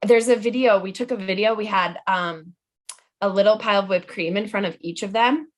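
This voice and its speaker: A woman's voice: medium pitch, fairly quick. A young adult woman chatting as a podcast guest, playful and full of fillers like "like" and "um". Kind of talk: casual podcast chat.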